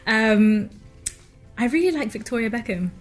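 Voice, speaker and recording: A bubbly woman guest chatting casually, laughing often between her words. Her voice sits a little high. Faint music plays behind her. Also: expressive, moderate pace. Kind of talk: casual chat.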